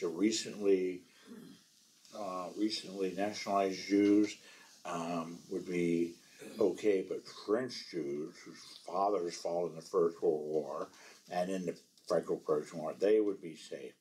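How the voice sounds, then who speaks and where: Deep-voiced Southern-born man telling stories. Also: fairly even intonation, measured pace, darkish tone, poor audio. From American South. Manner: storytelling, self-deprecating, slips into French phrases. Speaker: author giving a library talk. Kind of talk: anecdotal talk and Q&A. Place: library event room.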